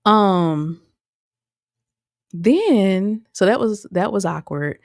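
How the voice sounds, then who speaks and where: A woman's voice: medium pitch, lively intonation, extremely slow, darkish tone, no room sound, studio quality. A woman giving a casual, chatty recap of a reality episode, laughing often and acting out what others said. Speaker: show reviewer.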